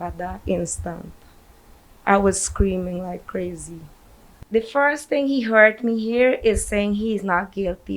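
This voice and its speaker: A grieving mother with a Guyanese accent, telling a news reporter what happened in a halting, distraught voice. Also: mid-range voice, gravelly, poor audio. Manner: distraught, halting retelling with shaky drops in volume. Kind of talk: emotional news interview.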